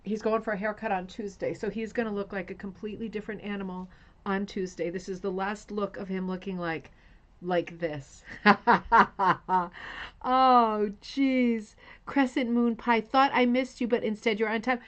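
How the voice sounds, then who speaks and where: Woman craft-show host, casual and rambling, mid-range voice, warm welcomes to viewers. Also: medium pitch, fairly even intonation, measured pace, dull audio. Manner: chatty, greets viewers by name; scattered, self-interrupting. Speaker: host of a rug hooking live stream. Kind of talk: casual live-stream chat.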